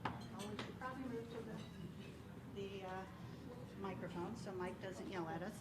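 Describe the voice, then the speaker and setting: A woman's voice: mid-range voice, moderate pace, heavy background noise. Chatty woman emceeing a club ceremony. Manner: chatty, laughs often, informal. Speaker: incoming club president.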